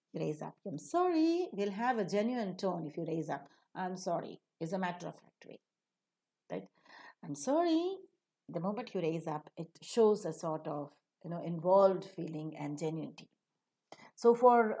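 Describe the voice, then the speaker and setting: Woman teacher, warm mellow tone, exaggerates rising and falling pitch in her examples. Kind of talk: recorded online lesson.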